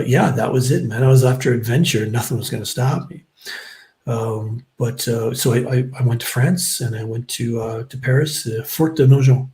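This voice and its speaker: A middle-aged man talks as a podcast guest, his pitch sitting in an ordinary middle range. He tells long stories loosely, filling gaps with ums and uhs and dropping casual swear words. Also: mellow, rough recording. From Canada, British Columbia. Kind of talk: casual storytelling interview.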